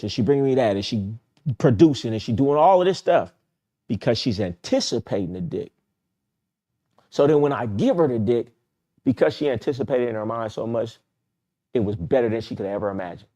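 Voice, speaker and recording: A man's voice: fairly low pitch, darkish tone. A middle-aged man hosting a dating-advice livestream, talking casually in a blunt, profane, repetitive streetwise way.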